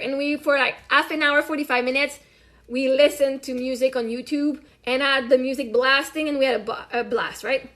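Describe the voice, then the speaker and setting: A woman's voice: high voice, brisk. A woman hosting her own show, talking casually and animatedly, acting out her conversations and swearing freely. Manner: animated storytelling, swears freely, acts out dialogue. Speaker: show host; mother. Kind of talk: casual monologue.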